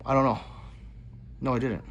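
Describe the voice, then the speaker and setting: A man's voice: mid-range voice, steady tone, moderate pace, a bit bright, dull audio, a little hiss or hum. A man hosting a casual livestream, reading viewer chat aloud in a chatty, profane way. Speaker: livestream host.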